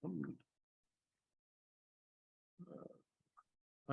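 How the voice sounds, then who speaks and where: A man's voice: mid-range voice, normal speed, a bit bright. A man running a tabletop role-playing game as game master, narrating and voicing characters with frequent hesitations and restarts.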